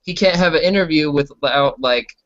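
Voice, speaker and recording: A man's voice: fairly high pitch, moderate pace, a bit bright, dry recording. Man chatting loosely, dull lo-fi sound. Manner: laughing, retelling jokes loosely. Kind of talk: casual group chat.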